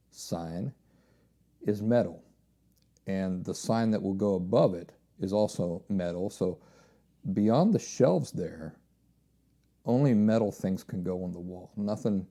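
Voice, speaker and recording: A man's voice: low voice, mellow. A man hosting a solo podcast in a casual, rambling way, often repeating phrases and restarting sentences. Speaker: podcast host.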